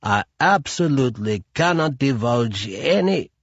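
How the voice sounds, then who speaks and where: A man's voice: medium pitch, expressive, a little slow, no room sound, dull audio. A man voicing a prim, nervous hotel concierge in an audiobook, formal and pleading.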